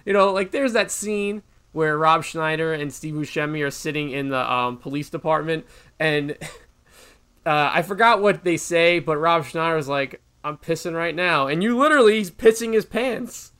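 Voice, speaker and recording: Young man, co-host, slightly high pitch, relaxed, emphatic, easy laugh. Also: moderate pace, clean tone. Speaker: podcast co-host reviewing a movie. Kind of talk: casual chat.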